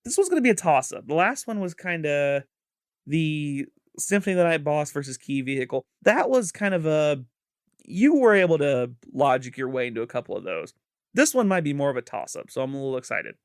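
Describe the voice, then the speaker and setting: A man's voice: fairly high pitch, big pitch swings, fairly quick, no room sound, studio quality. A man co-hosting a podcast in casual chat, with a Midwestern American accent, playful and laughing often. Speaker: podcast co-host.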